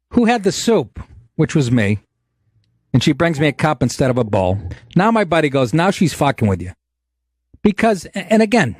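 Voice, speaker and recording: A middle-aged male podcast host rants through a profane, indignant comedic story. His voice is mid-range, and the studio sound is clean with no room echo.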